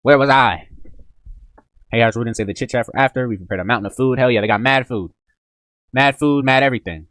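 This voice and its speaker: A man's voice: mid-range voice, quick pace, pauses often, fairly bright tone, no echo. A man casually reacting to a manga chapter, slangy and joking, jumping in and out of character voices.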